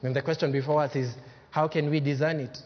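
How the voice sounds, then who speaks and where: Male pastor, high voice, preaching hard with dynamic swings; muffled recording, long church echo. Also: little pitch movement, quick pace. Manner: emphatic preaching, swinging from loud to hushed. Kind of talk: sermon. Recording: dull lo-fi sermon recording with long hall reverb.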